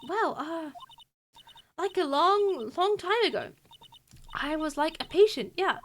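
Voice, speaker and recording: A woman's voice: extremely high pitch, animated, slow, a bit bright, a little hiss or hum, voice pushed up, full character voice. A woman voicing a carefree, airheaded young woman from a video game, saying "like" constantly with rising upspeak. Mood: bubbly. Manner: breathless, drawls "like" constantly, upspeak. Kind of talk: reading game dialogue aloud on a live stream.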